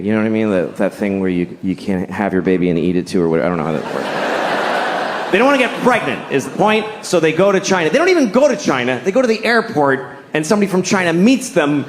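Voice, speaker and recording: A man's voice: fairly high pitch, sing-song, fairly quick, slight background noise. Wry male stand-up storyteller. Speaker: stand-up comedian. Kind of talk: stand-up comedy.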